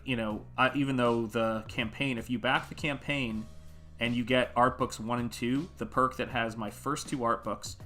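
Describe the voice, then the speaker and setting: A man's voice: mid-range voice, a bit bright. A man from America hosting a casual art livestream, rambling and chatty as he greets viewers in the chat. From United States. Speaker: artist livestream host.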